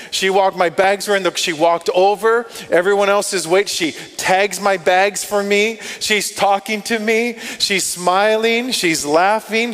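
A male pastor telling stories in a sermon, animated, acting out what people said and thought. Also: sits high. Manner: animated, acts out quotes and inner thoughts. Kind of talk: storytelling sermon. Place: church sanctuary. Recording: long hall reverb.

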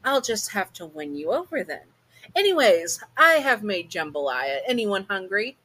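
A woman's voice: mid-range voice, big pitch swings, moderate pace, sharp tone, voice pushed up. A woman voicing a smarmy, teasing male demon in a storytelling video. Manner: theatrical, teasing.

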